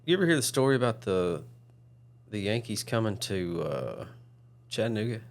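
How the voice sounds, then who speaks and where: Laid-back man, lowish voice. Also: big pitch swings, moderate pace. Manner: laid-back, hedging, joking. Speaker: podcast co-host. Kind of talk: casual chat. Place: studio.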